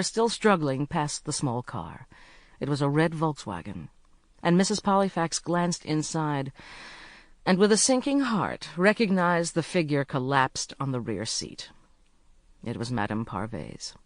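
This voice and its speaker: An audiobook narrator reads a mystery with a lively, rising-and-falling delivery. The voice sits at a middling pitch, and the close studio recording is dry with no room sound. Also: a little slow, no echo. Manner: lively, expressive reading.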